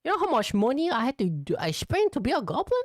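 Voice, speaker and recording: A man putting on a greedy goblin voice, shrill and squealing, outraged at any threat to his treasure. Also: wildly swooping pitch, fast talker, no echo, studio quality, heavily acted. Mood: indignant.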